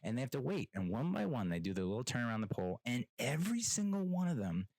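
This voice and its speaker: A man's voice: mid-range voice, sing-song, quick pace, darkish tone, no echo, poor audio. A man hosting his own podcast, telling rambling, self-mocking stories in casual solo chat. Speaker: podcast host.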